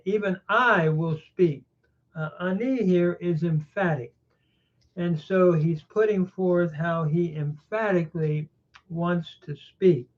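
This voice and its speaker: A man delivers a scholarly Bible lesson at an unhurried pace, reading ancient verses word by word before explaining them. His voice sits high for a man. The recording sounds muffled and lo-fi. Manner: deliberate, reads Hebrew slowly then explains. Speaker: Bible teacher. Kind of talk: slow scholarly lecture.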